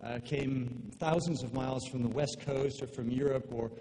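Halting man giving a eulogy in a hall. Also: medium pitch, steady tone. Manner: halting, with many fillers and restarts. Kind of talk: memorial speech. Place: large hall with long reverb. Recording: echoey hall, faint room noise.

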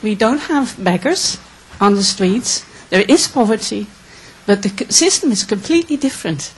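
A woman from the Netherlands asking a question from the floor, earnest, emotional and halting. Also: medium pitch, lively intonation, breathy edge, rough recording. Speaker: audience questioner.

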